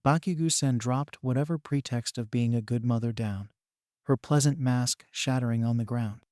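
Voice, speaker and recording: A man's voice: mid-range voice, normal speed, mellow, dry recording. Man narrating fan fiction, dry sound. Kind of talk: audiobook reading of fan fiction.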